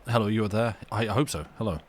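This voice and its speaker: Speaking fast in a lowish voice, a livestream host reads stories to his viewers from home, wandering off topic and interrupting himself in a relaxed, chatty way. The audio carries a slight hiss or hum.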